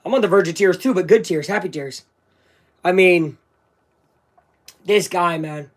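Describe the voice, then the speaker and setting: A young man calling a football game live for his viewers as an excited fan, talking straight to his audience. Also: high voice, measured pace. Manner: hyped, talks straight to viewers. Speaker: fan streamer doing live play-by-play.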